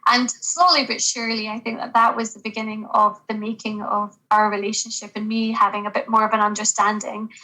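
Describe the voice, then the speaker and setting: A woman's voice: medium pitch, level tone, fairly quick, few pauses, sharp tone, poor audio. A woman who works as a GP, speaking as a guest in a podcast interview, earnest and reflective, with hesitant restarts.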